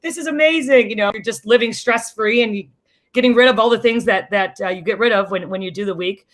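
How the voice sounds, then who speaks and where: A woman from a small town outside Chicago telling a story in casual chat, lively and joking, acting out the other people's voices. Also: medium pitch, brisk. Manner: animated, acts out quoted voices, self-described jokester. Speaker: interview guest.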